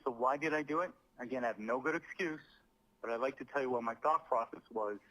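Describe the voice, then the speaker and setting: A man reading a scripted apology video, speaking deliberately and stressing words as if acting. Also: medium pitch, pushed and bright, rough recording. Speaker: comedian making an apology video.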